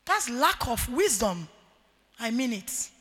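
A middle-aged woman with a Nigerian accent, preaching an emphatic sermon to women with shouted, sing-song rises. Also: fairly high pitch, very animated, takes it slowly, breathy edge. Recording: reverberant hall.

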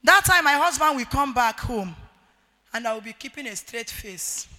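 A middle-aged woman with a Nigerian accent, preaching an emphatic sermon to women with shouted, sing-song rises. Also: fairly high pitch, lively intonation, moderate pace. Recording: reverberant hall.

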